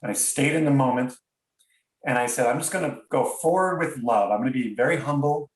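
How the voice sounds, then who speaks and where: A podcast guest with a mid-range voice speaks fairly quickly, sounding roomy and distant from the mic. He tells a personal story earnestly and reflectively, often stopping and restarting sentences.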